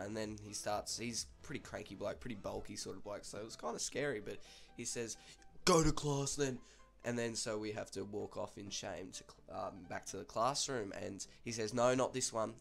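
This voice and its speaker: A man's voice: on the low side, creaky. A young man with an Australian accent casually telling a school story, chatty and swearing freely.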